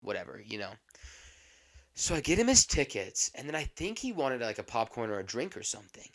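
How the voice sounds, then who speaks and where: A man with a mid-pitched voice tells a casual, meandering story about his work. He talks in a chatty way, with many fillers and frequent checks on whether the listener is still following. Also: big pitch swings, brisk, a bit bright. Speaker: podcast host.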